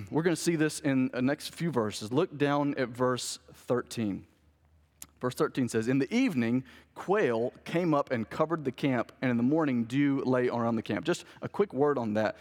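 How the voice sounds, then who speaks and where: A man, a pastor, delivering an animated sermon and asking the congregation rhetorical questions. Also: mid-range voice, normal speed, big-room sound.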